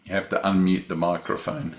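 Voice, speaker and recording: A man leading a spiritual group session over a video call, speaking gently with short encouraging affirmations. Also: sits low, flat delivery, a little fast, vocal fry, roomy sound, slight background noise.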